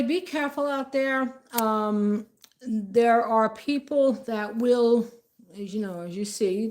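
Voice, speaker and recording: A woman's voice: medium pitch, darkish tone. Rambling indignant New woman. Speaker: vlogger. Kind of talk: casual storytelling.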